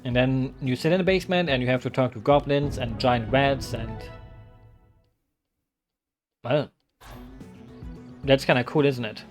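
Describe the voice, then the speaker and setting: A man's voice: medium pitch, measured pace, long pauses, soft background music. A man streaming a game, chatting loosely with his chat, joking and rambling with lots of "like" and "you know". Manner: rambling, joking, many fillers.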